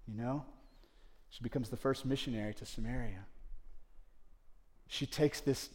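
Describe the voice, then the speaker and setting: Animated man preaching a sermon. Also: fairly high pitch, long reverb tail. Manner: animated storytelling that acts out quoted dialogue.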